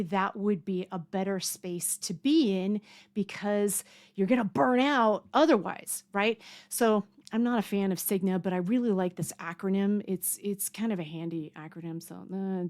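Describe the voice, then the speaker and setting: A woman's voice: medium pitch, darkish tone. Chatty woman teaching with lots of fillers. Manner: chatty, lots of fillers, acts out panicked voices for fun. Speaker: health coach. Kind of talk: casual educational talk. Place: home near a mountain lake.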